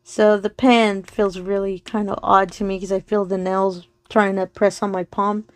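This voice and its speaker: Soft-spoken giggly woman crafting vlogger. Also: mid-range voice, level tone, clear, resonant tone, no room sound. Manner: soft and slow when focusing; giggles often between remarks. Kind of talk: casual chat while diamond painting.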